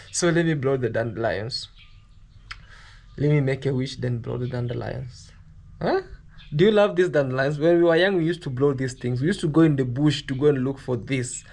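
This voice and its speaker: A man's voice: medium pitch, fairly quick, gravelly, darkish tone. A man with a Kenyan accent talking to camera for his vlog, rambling and wistful as he speaks to his viewers. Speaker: vlogger. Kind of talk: casual talk to camera.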